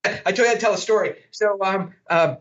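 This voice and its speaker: High-voiced guy on a podcast, blunt and animated, kinda muffled audio. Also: fairly quick. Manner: blunt, animated, swears freely. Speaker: podcast guest. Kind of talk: storytelling interview talk.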